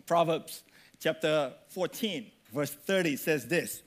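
High-voiced man preaching animatedly. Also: takes it slowly. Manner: animated, conversational preaching with audience questions. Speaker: pastor. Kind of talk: sermon.

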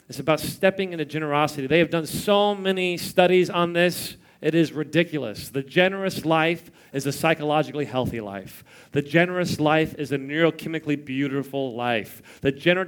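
A man's voice: high-pitched, fairly bright tone. A man in his thirties preaching a sermon in church, telling stories with playful mimicry and chuckles. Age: 30s. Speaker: pastor.

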